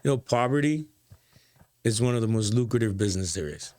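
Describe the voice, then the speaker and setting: Animated storytelling man. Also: fairly low pitch, brisk, dry recording. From Massachusetts. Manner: animated storyteller, acts out quoted dialogue, restarts often. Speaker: guest, former city council candidate. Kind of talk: casual talk show conversation.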